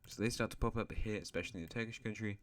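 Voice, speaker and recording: Very low male voice, casual map narrator, rambles and corrects himself mid-sentence. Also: very fast. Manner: rambling, self-correcting, joking asides. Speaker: host of a map series.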